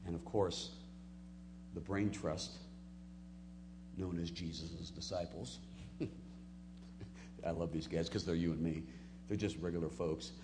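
A man preaching a sermon, moving between soft, low asides and loud, emphatic peaks. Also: fairly even intonation, slow pace, long pauses, noisy background. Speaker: pastor.

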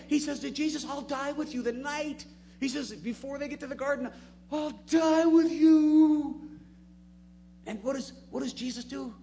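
A man preaching a sermon, moving between soft, low asides and loud, emphatic peaks. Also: slight background noise. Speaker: pastor.

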